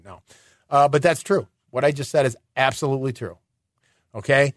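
A middle-aged man hosting a finance radio show, explaining in a chatty way with rhetorical questions and quick restarts. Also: mid-range voice, dry recording, clean studio sound.

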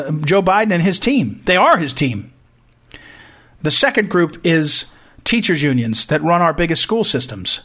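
A man's voice: high-pitched, fairly bright tone. A man hosting a talk show, delivering an emphatic political commentary monologue that repeats points and often restarts phrases. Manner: emphatic, repetitive, frequent restarts.

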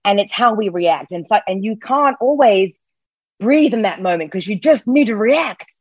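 A woman's voice: medium pitch, lively intonation, normal speed, slightly rough, no room sound, lo-fi sound. A woman parenting coach speaking reassuringly and emphatically on a podcast, often repeating key phrases. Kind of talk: casual podcast chat.

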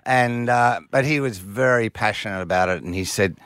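A man's voice: lowish voice, moderate pace, fairly bright tone, no echo. A man chatting easily as a guest musician in a radio studio. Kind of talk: radio interview.

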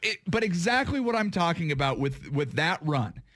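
A man's voice: a little high, sing-song, normal speed, fairly bright tone, dry recording, clean studio sound. A man co-hosting a sports talk show, chatting casually with emphatic enthusiasm. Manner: enthusiastic, emphatic, says dude a lot.

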